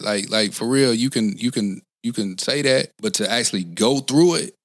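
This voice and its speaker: There are hardly any pauses in this lowish male voice, which moves at normal speed with no room sound. The speaker, a former Marine in his forties, talks earnestly in a casual interview, rambling, restarting often and saying "you know what I'm saying."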